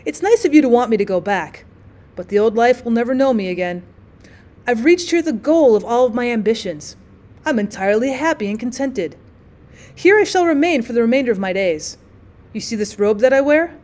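A woman's voice: fairly high pitch, lively intonation, a little fast, darkish tone, lightly acted. A woman reading the part of a cheerful, soothing former dandy who became a monk. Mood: serene. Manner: easygoing, soothing.

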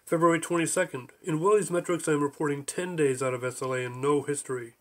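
A man's voice: a little high, fairly even intonation, fast. A man reading his own book aloud as an audiobook, dry and matter-of-fact. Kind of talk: audiobook narration.

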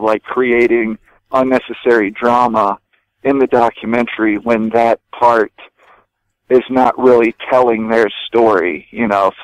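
A man's voice: medium pitch, no echo, low-quality recording. Laid-back man, dry close sound. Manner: relaxed, swears freely, lots of fillers. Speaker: documentary director, guest. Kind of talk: casual podcast interview.

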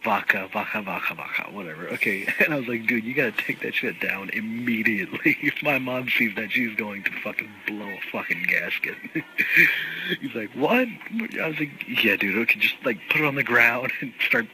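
A man's voice: medium pitch, a little fast. A young man casually telling a rambling story to a friend, laughing often and swearing. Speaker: podcast co-host. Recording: faint background noise.

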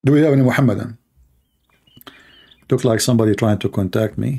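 A man's voice: fairly low pitch, quick pace, creaky, mellow, husky. A man hosting a live call-in stream, mocking and repeating his phrases as he talks to callers and the audience.

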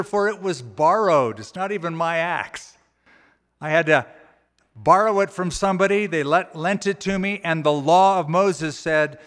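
Pastor preaching in a reverberant church. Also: male voice, a little high. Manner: conversational, folksy paraphrasing with animated quoted voices. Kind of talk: sermon. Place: church auditorium. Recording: church hall with long reverb.

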